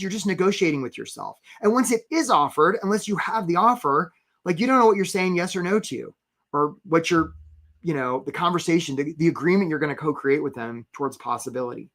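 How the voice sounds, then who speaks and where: A man's voice: on the high side, fairly bright tone. Guy doing a live career webinar, talks casual, keeps saying right, kinda theatrical. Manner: chatty, keeps checking in with "right?"; playful, theatrical asides. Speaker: career coach.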